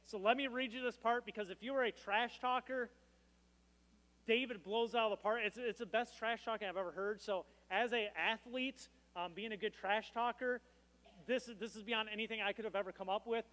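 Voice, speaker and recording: A man's voice: high voice, steady tone, brisk, a bit bright. A man preaching a sermon as pastor, with a casual, joking storytelling manner. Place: church. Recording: long reverb in a church hall.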